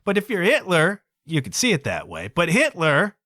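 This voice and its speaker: Bright and forceful, this podcast host's slightly high voice swings hugely in pitch at a normal speed. The Canadian talks solo in a chatty, digressive way, adding asides such as "okay?" and "kids." The recording is dry and cleanly studio-made.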